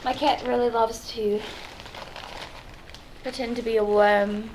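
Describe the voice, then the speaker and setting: A young woman playing a chatty young secret-agent vlogger in an Australian accent, in an in-character role-play vlog, rambling and dropping into hushed whispers. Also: a little high, fairly even intonation, slow pace, background noise. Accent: Australian, put on.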